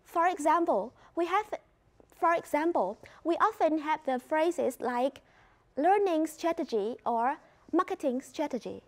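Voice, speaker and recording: Woman, Vietnamese accent, English teacher, high voice, clear instructive classroom delivery. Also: animated, unhurried. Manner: clear, instructive, mixes in explanations in her first language. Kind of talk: classroom lesson.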